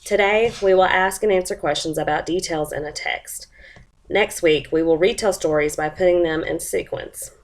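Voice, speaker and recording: A woman, sniffly from a cold, presents a first-grade lesson plan and reads a picture book aloud slowly, with voices and sound effects. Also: lowish voice.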